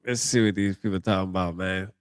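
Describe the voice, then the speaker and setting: A man's voice: sits low, fairly even intonation, fast talker, clean tone, no room sound, studio quality. A man hosting a live reaction stream, talking casually in slang and thinking aloud as he goes.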